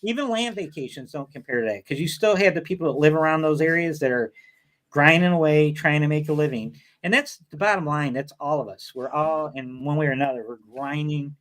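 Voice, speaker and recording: An American man telling stories in a relaxed, animated podcast chat, swearing now and then. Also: on the high side, fairly quick. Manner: animated storyteller, swears freely. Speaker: podcast guest. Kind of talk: casual chat.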